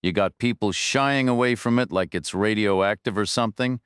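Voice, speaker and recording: Yelling finance guy gone shrill with rage, out of breath and sneering, a narrator doing him in a low, smooth, dry reading voice pushed way up. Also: normal speed, no room sound, lightly acted. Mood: furious. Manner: screaming, sarcastic, panting. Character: furious male finance director, middle-aged.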